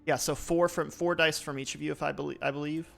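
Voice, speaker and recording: A man's voice: fairly high pitch, steady tone, quick pace, vocal fry, a bit bright, soft background music. A young man narrating as game master, loose and full of fillers.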